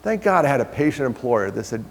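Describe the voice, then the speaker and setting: A man's voice: mid-range voice, sing-song, fast, vocal fry. A man giving a conversational storytelling talk to an audience, full of self-deprecating humor. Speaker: guest speaker. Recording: long hall reverb.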